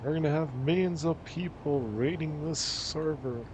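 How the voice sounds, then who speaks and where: A man hosting a live game stream, chatting casually with a friend and quick asides while he plays. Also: on the high side, darkish tone, a little hiss or hum. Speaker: streamer host. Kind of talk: casual gaming chat. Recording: game sounds under voice.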